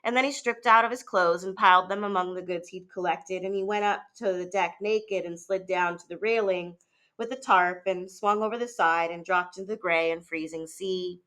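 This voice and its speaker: A teacher reading a novel aloud in a measured, steady way, with a few small fillers and restarts. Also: female voice, lowish voice.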